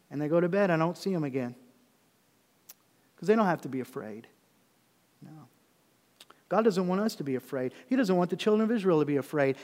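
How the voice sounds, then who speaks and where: A middle-aged man preaching a sermon. He reads scripture slowly and builds to loud, emphatic passages. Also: fairly high pitch, animated, in a large hall. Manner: preaching with rising intensity, reading scripture slowly. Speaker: pastor.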